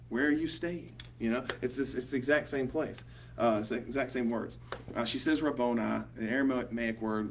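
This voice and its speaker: A man with a Southern accent leading a small group Bible study, talking casually and rambling, with lots of ums and "you know". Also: medium pitch. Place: small group meeting room. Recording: distant mic with faint hum.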